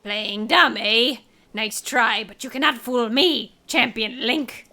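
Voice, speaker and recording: A woman doing a fervent young male soldier of a fish-like folk, all bluster and pride. The voice is bright and ringing, and he declares his own name with grand ceremony, as game dialogue read aloud. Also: fairly high pitch, takes it slowly, faint music behind, full character voice. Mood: boastful.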